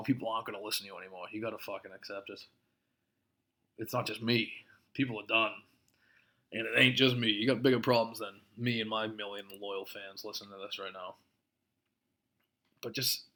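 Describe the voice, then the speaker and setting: A man's voice: fairly low pitch, sharp tone. A man hosting a podcast, ranting casually with lots of swearing and short laughs. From Massachusetts. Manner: profane, laughing, worked-up ranting. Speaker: podcast host.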